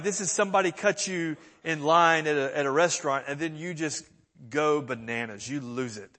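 A man preaching a sermon, earnest and animated, acting out the pleas he quotes. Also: high voice. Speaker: pastor. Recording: long church reverb.

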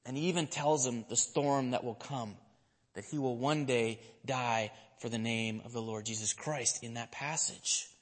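A man's voice: mid-range voice, fairly even intonation, moderate pace. Pastor guy in his 30s giving a sermon, keeps asking the room questions, echoey church hall. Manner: storytelling, asks the listeners questions.

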